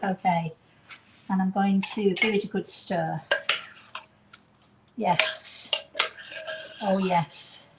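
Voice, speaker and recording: A woman's voice: mid-range voice, fairly even intonation, very slow, pauses often, heavy background noise. Chatty English woman cooking at home. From England. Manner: chatty, rambling, self-deprecating asides. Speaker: cooking show host. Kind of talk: casual home cooking demonstration. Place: home kitchen.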